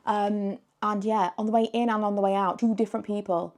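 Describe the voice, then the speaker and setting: A woman's voice: medium pitch, fairly even intonation, a little fast, a little mellow. A woman, chatting casually and rambling to camera in a vlog. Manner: chatty and rambling, with frequent fillers. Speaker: vlogger.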